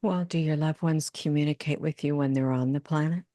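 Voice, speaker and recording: Older woman guest, low pitch, dry close sound, animated storyteller who acts out dialogue. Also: brisk, no echo. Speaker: medium and addiction counselor. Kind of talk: podcast interview storytelling.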